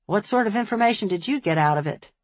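A woman's voice: mid-range voice, lively intonation, fast, no room sound, close to an everyday voice. A woman voicing an earnest, plain-spoken small-town male sheriff who is often puzzled.

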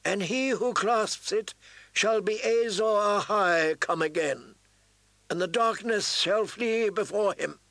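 A man's voice: sits high, slow pace, fairly bright tone, dry recording, pitched above the performer's own voice, exaggerated voice. A man voicing a fervent, commanding female priestess who chants her prophecies in a raised, incantatory voice. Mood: solemn prophecy.

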